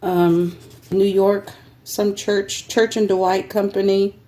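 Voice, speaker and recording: A woman casually showing craft fabrics she is selling, rambling with many ums and throat clearing, recorded on a phone. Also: medium pitch, flat delivery, takes it slowly, warm tone. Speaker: craft seller. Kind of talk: casual show-and-tell selling craft supplies.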